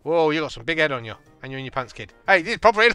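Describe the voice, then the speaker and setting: A man, casually and excitably commentating a game, joking and laughing at his own jokes. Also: a little high, rapid-fire, clear, resonant tone, no echo, soft background music. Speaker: gaming channel host.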